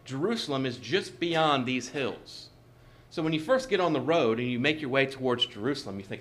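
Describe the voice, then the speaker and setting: A man preaching a sermon in a measured, emphatic way, repeating key phrases for stress. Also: mid-range voice, lively intonation, fairly bright tone.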